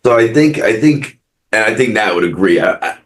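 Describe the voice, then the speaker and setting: A man's voice: on the low side, animated, a little fast. A man hosting a local business podcast, asking questions and repeating himself as he finds his words. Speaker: podcast host. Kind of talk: interview questions.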